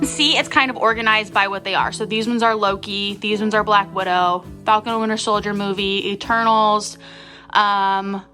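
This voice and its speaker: A woman's voice: mid-range voice, bright, forceful tone. A woman in her twenties chatting casually to camera at home in a vlog, giggly and full of "like". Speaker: vlogger. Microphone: handheld camera.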